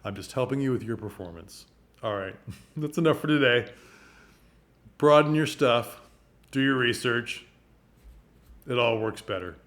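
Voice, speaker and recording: A man talks to camera about acting for the stage in a casual, emphatic teaching voice. He keeps pausing to check that the listener follows. His voice sits at an ordinary middle pitch for a man. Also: fairly bright tone.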